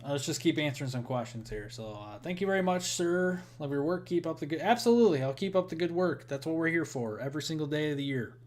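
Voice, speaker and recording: A man's voice: on the high side, expressive, fast, few pauses. A young man with a Midwestern accent hosts a live weather stream, chatting with viewers and walking through forecast details. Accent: Midwestern American. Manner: chatty, thanks donors, rattles off forecast details. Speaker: weather livestream host.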